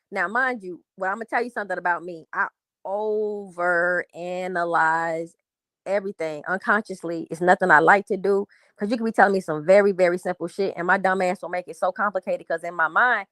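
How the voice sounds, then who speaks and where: A woman co-hosting a live stream, telling a long story in a rambling, profane, animated way. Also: medium pitch, dry recording. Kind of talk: casual storytelling.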